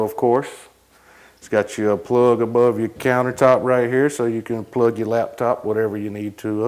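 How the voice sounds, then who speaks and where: A man's voice: mid-range voice, darkish tone. A man walking viewers around and inside a cargo trailer, listing its features in an easygoing, matter-of-fact way. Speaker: trailer salesman giving a product walkthrough. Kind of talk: casual product tour.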